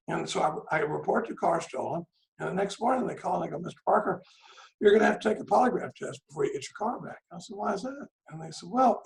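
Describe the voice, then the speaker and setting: A middle-aged Texan man speaks at a recovery meeting over a video call, his voice high for a man and deeply gravelly. He tells his story in a folksy, joking, self-deprecating way. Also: poor audio. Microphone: video call mic.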